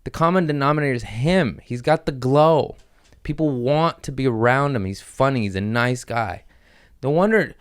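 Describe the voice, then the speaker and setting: A man hosting a casual podcast, ranting loudly and profanely, rambling and laughing at his own jokes into a studio mic. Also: medium pitch, animated, moderate pace, clear, resonant tone. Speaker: podcast host.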